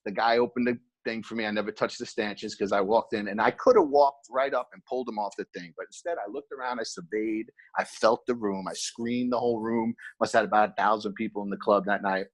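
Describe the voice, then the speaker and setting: A man's voice: fairly low pitch, fast talker, few pauses. A middle-aged man, a former nightclub head of security, telling stories in a casual podcast chat and acting out the dialogue he quotes.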